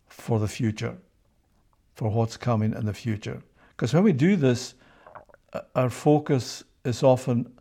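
A man delivers a sermon-style Bible teaching, his voice dark and gravelly. He presses his points hard, repeats key phrases and checks in with a quick "yeah?". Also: medium pitch. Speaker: preacher.

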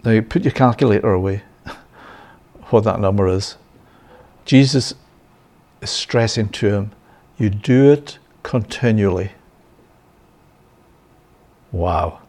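A man's voice: on the low side, measured pace, long pauses, darkish tone. A man giving a sermon-style Bible lesson, often checking in with "yeah?" and "right?" and chuckling. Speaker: Bible teacher.

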